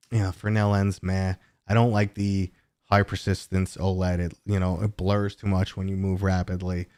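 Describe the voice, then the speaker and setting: A man in his thirties hosts a casual livestream, answering viewer questions as they arrive and rambling with plenty of fillers and restarts. His low voice is a little mellow and smooth, recorded dry with no room echo.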